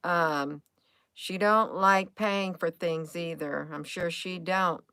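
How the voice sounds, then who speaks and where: A tired woman rambling through conspiracy commentary over images, hesitant and full of restarts, sometimes dropping to a hush and then rising in emphatic bursts. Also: on the low side, steady tone, slow, smooth, no echo, studio quality. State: tired, drained.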